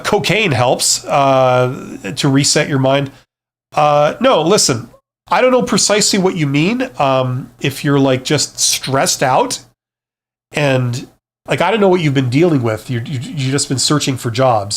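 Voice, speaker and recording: A man's voice: on the high side, animated, a little slow. A middle-aged man hosting a live Q&A, chatting casually with many fillers and restarts, blunt and reassuring. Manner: blunt, joking asides. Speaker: livestream host, former CEO.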